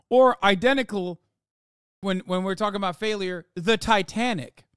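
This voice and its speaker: A man reacting on a livestream, talking in a sarcastic, profane rant. His voice sits fairly high for a man and comes through smooth and resonant. The sound is dry and close, with no room around it. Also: measured pace, fairly bright tone, no echo.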